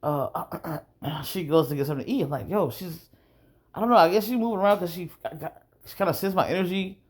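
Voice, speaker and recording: A man vlogger telling a rambling, profane story in a casual monologue, often clearing his throat. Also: sits high, a little fast.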